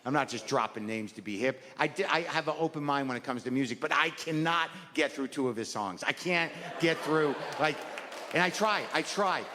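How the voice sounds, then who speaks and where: A middle-aged man doing a neurotic, rambling stand-up routine on a club stage, exasperated and prone to sudden shouted outbursts, with audience laughter behind him. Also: a little high, normal speed. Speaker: stand-up comedian. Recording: live club recording with long reverb and noise.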